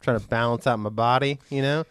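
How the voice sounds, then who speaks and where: A man co-hosting a podcast in casual comedic chat, playful and quick to riff, on a headset. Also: medium pitch, steady tone, a bit bright, clean tone, dry recording, clean studio sound. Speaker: podcast co-host.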